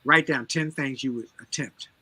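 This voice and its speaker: A man's voice: mid-range voice, normal speed, pushed and bright, slightly rough. A man giving a motivational talk as an interview guest, driving his points home with emphatic, preacher-like repetition. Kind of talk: energetic motivational storytelling.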